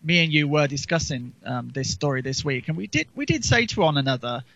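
Male podcast co-host, gravelly, rambling with ums, dull lo-fi sound. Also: a little high, lively intonation, brisk, a bit bright, dry recording. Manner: rambling, with frequent ums and restarts. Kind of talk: casual political chat. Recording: dull lo-fi recording.

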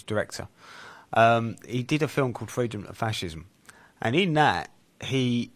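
A man's voice: mid-range voice, dry recording. A man co-hosting a podcast, chatting casually about politics with fillers like um and you know. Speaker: podcast co-host.

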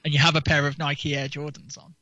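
A man's voice: fairly high pitch, level tone, a little fast, sharp tone, dry recording. A man co-hosting a casual talk show, rambling and mocking, sometimes mimicking people's voices. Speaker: podcast co-host. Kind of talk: casual chat. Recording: dull lo-fi dry sound.

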